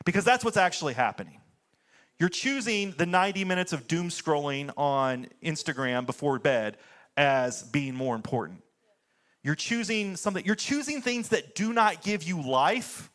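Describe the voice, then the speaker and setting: A man's voice: high-pitched, a bit bright. An American pastor in his thirties preaching a sermon in a conversational way, often saying "like" and landing blunt points. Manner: conversational preaching, fillers like "like", swings into blunt punchlines.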